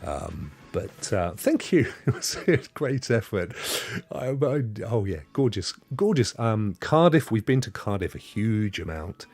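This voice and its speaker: Husky, animated man. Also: on the low side, a little slow. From Devon, England. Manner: rambling, playful, spins tall tales. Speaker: host. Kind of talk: casual livestream chat with viewers.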